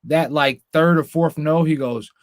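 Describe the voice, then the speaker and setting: A man's voice: on the high side, measured pace, no room sound, studio quality. A young man hosting a podcast, telling a long story as a profane, ranting storyteller in casual chat. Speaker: podcast host.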